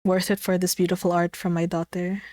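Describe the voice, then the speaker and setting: A woman with a low, mellow voice streams from her own room at home, chatting casually with her chat. She's giggly and gushing and swears lightly.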